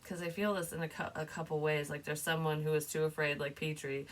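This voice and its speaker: A woman's voice: deep voice, little pitch movement, fairly quick. A woman giving a casual spoken psychic reading, chatty and loose, laughing often and swearing now and then. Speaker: psychic reader.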